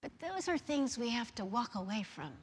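High-voiced woman preaching in a reverberant hall. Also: moderate pace, husky. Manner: swings from hushed near-whispers to loud animated storytelling. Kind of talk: sermon with personal story. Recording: long reverb of a large hall.

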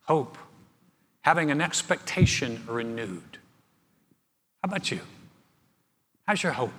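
A man's voice: medium pitch, fairly bright tone, a little hiss or hum. A man preaching a sermon, telling a story with humor and repeating his words as he goes. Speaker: pastor. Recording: long reverb of a large room.

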